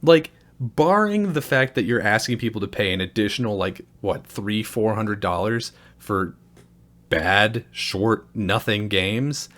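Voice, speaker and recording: A man's voice: fairly low pitch, animated, a little slow, a bit bright. A young man hosting a gaming video, giving a sarcastic, profane, exasperated rant review. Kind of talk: ranting game review.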